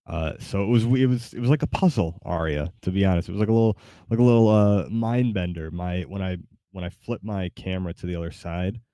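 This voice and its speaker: Low and warm, this gaming streamer's voice comes through clean studio sound with no echo. Using a desk mic with a webcam, he chats casually on a live stream, wandering from thought to thought and hesitating with many fillers.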